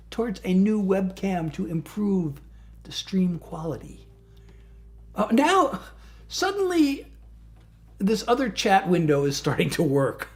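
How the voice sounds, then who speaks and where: A man who sings his own songs, chatting with his livestream viewers from a bedroom studio in a soft-spoken, rambling and thankful way. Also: a little high. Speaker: singer-songwriter livestreamer. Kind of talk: casual chat with livestream viewers.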